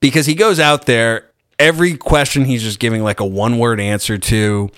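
A man chatting casually about a film, animated and swearing freely. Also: mid-range voice, normal speed, clear, resonant tone, dry recording, studio quality. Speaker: podcast co-host.

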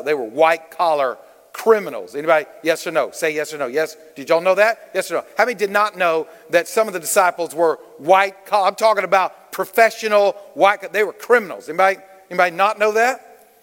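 Sitting high and moving a little fast, this man's fairly bright voice fills a big room as he guest-preaches at a church. His lively sermon is interactive: he playfully calls on the congregation, says "y'all" in a Southern way, and pulls answers from the crowd with questions.

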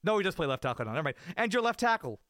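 A man's voice: sits high, very animated, racing, fairly bright tone, no room sound, studio quality. A man co-hosting a sports podcast, ranting in a rambling, self-mocking way. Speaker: podcast co-host. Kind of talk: casual sports talk.

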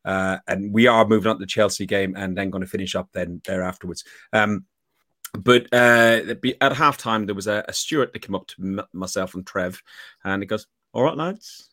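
A man hosting a casual football podcast over a call, telling a rambling story full of ums and pauses. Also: low voice, fairly even intonation, pushed and bright. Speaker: podcast host.

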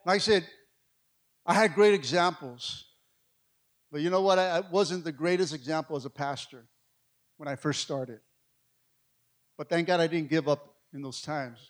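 A middle-aged male pastor, telling a story in a sermon, swinging between hushed and loud. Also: a little high, moderate pace, pauses often.

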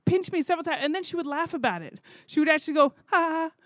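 A woman who coordinates zoo volunteers, telling a story in a chatty, animated way with fillers. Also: sits high, rapid-fire, no echo. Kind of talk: casual storytelling.

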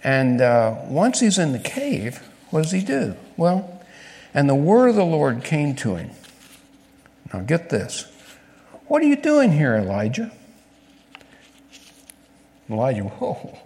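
A man's voice: on the high side, sing-song, unhurried, creaky, a little mellow. A man preaching a conversational sermon, telling a story and asking his listeners questions. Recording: long reverb of a large hall.

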